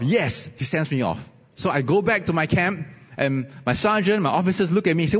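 A man preaching a sermon and telling a personal story, animated with rising emphasis. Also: a little high, moderate pace. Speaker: pastor. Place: church hall. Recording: husky voice, dull sound, long reverb.

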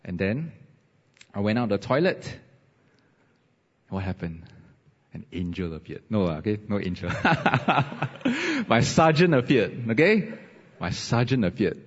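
Husky pastor in a reverberant hall. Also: male voice, on the low side, moderate pace, pauses often. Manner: animated storytelling, rising emphasis. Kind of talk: sermon with personal story. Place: church hall. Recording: husky voice, dull sound, long reverb.

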